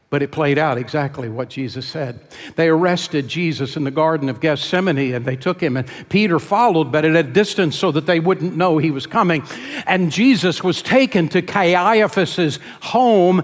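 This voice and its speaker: Male pastor, high voice, earnest storytelling sermon, long church reverb. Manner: earnest storytelling retelling a scripture scene. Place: church sanctuary.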